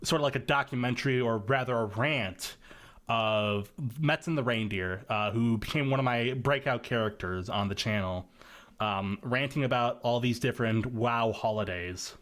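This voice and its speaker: A man's voice: medium pitch, moderate pace, fairly bright tone. A young man guest on a podcast, talking casually and rambling with many fillers. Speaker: podcast guest, machinima creator.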